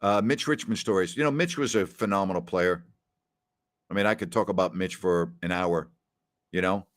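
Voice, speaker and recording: Middle-aged guy w/ lowish voice, chatty live q&a host, repeats himself a lot while telling stories. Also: normal speed. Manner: chatty storytelling, repeats names and phrases. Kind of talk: live Q&A stream reading viewer comments.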